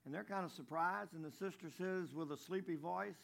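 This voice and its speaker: Preacher guy, kinda high voice, folksy, repeats himself a lot. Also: fairly quick, creaky. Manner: folksy, repeats words, tells jokes. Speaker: pastor. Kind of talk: sermon.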